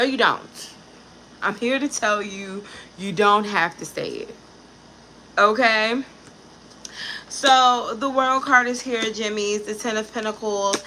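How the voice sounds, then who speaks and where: Woman, tarot reader, bright tone, blunt, cusses, chatty, faint background noise. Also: medium pitch. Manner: blunt, profane and animated, with chatty asides. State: pregnant. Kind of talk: casual tarot reading to camera.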